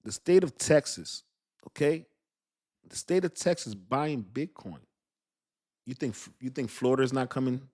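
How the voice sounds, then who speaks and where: A man's voice: mid-range voice, expressive, measured pace, pauses often, a little mellow. A middle-aged man hosting a casual crypto talk. He reads chat comments aloud, repeats himself for emphasis and laughs at his own lines. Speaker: crypto channel host.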